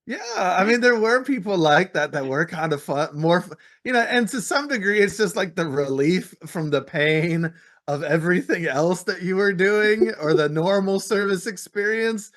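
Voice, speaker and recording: Male interviewer, higher-pitched, calm probing questions, soft mm-hmms. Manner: measured, questioning, soft backchannels. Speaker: podcast host. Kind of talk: interview conversation.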